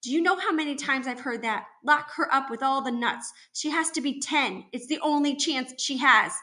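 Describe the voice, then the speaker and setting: A woman's voice: high voice, expressive, normal speed, bright, forceful tone, pitched above the performer's own voice. A woman voicing a distraught mother who pleads and cries out in a family argument, read aloud from a storybook. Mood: desperate. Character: distraught mother of a teen boy, desperate.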